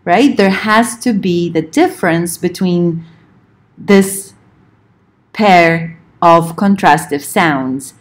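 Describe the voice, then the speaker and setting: A woman lecturing on linguistics, explaining points in a measured way and slowing down to spell out examples. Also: fairly low pitch. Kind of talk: recorded lecture.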